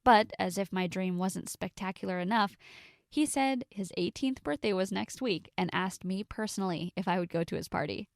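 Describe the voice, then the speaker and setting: A woman in her twenties narrating a first-person story in a confessional tone, with dramatic pauses. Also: medium pitch, gravelly, dry recording, clean studio sound.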